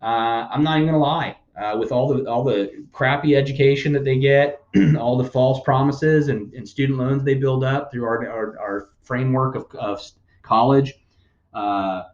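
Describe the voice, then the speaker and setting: A man's voice: medium pitch, steady tone, normal speed, echoey room, dull audio. A man hosting a podcast, giving blunt, sarcastic news commentary and swearing freely. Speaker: podcast host.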